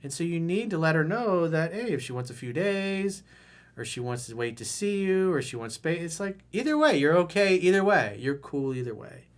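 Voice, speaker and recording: A middle-aged man giving dating advice in a blunt, animated way. His voice sits a little higher than most men's. He now and then bursts into loud, high mimicry of the people he quotes. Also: normal speed. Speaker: dating coach. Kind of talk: video newsletter advice monologue.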